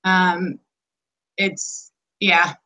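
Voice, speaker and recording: A woman's voice: on the low side, steady tone, extremely slow, bright, forceful tone, low-quality recording. A woman co-hosting a casual podcast chat, talking enthusiastically with frequent ums. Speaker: podcast co-host.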